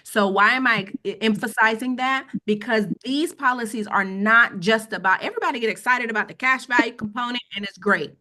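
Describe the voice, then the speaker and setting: Bright-voiced woman teaching finance. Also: on the high side, fairly quick, hardly any pauses. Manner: conversational, repeats "okay?" to check in. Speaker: financial educator. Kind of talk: casual webinar teaching.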